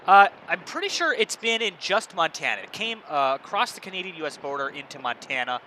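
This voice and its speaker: A man hosting a casual livestream, reading chat messages aloud and commenting in an animated way. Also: on the high side, a little fast, slight background noise. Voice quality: echoey monitoring on his voice.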